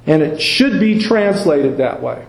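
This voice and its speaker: A man teaching a Bible study in a measured, careful way, stressing each quoted word. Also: a little high, sing-song, gravelly, echoey room, rough recording. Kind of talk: slow expository Bible study reading.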